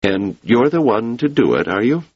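A man's voice: medium pitch, sing-song, moderate pace, darkish tone, husky, dry recording, dull audio, pitched above the performer's own voice. A man reading the part of a cautious, reluctant male scholar who talks in a guarded, dry way.

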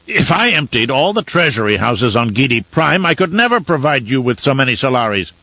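A man's voice: mid-range voice, big pitch swings, a little fast, pushed and bright, dry recording, voice pushed up, full character voice. A man voicing a cruel, scheming older male baron with a sneering, mocking manner, in a dull, dry recording. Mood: pressed.

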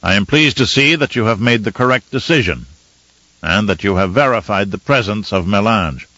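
A man's voice: fairly low pitch, lively intonation, moderate pace, sharp tone, no echo, highs cut off. Man voicing a curt military commander. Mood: commanding. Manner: curt, clipped orders.

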